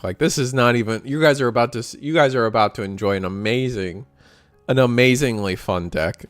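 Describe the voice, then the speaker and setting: A man hosting a store card game tournament stream, giving chatty, excitable play-by-play commentary to his chat. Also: medium pitch, a little fast, faint music behind. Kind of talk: casual livestream play-by-play commentary.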